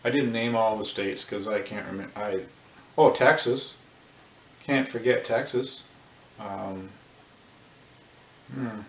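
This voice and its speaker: A man's voice: fairly low pitch, steady tone, slow, pauses often, distant mic. A man vlogging in a casual joking monologue, rambling and thinking aloud with a self-mocking manner. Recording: roomy echo with faint noise.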